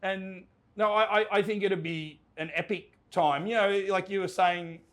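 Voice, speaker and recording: Australian man, fairly high voice, animated storyteller, casual chat. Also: moderate pace. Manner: animated, laughs while telling anecdotes, restarts sentences. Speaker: guest, entertainment reporter. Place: pub.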